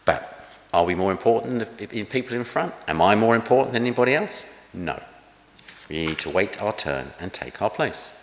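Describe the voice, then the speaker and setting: A man, preaching in a chatty, gently humorous way with anecdotes. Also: fairly low pitch, expressive, fairly quick. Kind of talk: conversational sermon with anecdotes. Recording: echoey hall with long reverb.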